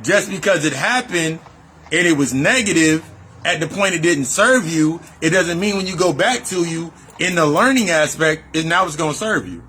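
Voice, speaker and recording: Speaking in a voice on the high side with a sharp tone and a little hiss or hum, a spiritual reader and life coach gives a casual, profane talk. It is a freewheeling spiritual monologue of loose run-on sentences where he repeats phrases to stress them.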